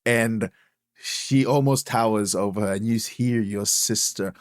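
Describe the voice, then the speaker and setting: A low-voiced man acting as game master of a tabletop game. He narrates hesitantly, full of fillers and restarts, in a dry-sounding voice. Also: unhurried, dry recording.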